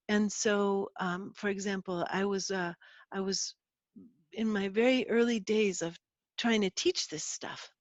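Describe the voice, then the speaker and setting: A woman as a guest expert in an interview, explaining and telling a personal story in an earnest, animated way. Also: medium pitch, no echo, muffled recording.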